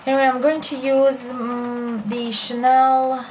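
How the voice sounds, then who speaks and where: A woman's voice: a little high, steady tone, a little slow, few pauses, a little mellow, slight background noise. Chatty young woman doing a makeup tutorial. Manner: chatty, self-deprecating, many fillers. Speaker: beauty vlogger. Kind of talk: casual makeup tutorial chat.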